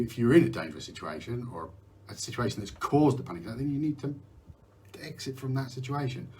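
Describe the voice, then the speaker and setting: In a mid-range voice with a darkish tone, a middle-aged man from the United Kingdom hosts an open live discussion about mental health. His delivery wanders, with restarted sentences and the odd swear word.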